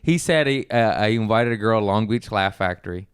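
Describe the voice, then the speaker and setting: A man's voice: on the low side, animated, brisk, clean tone, dry recording, studio quality. A man, a comedian guest on a podcast, joking brashly and swearing in casual chat.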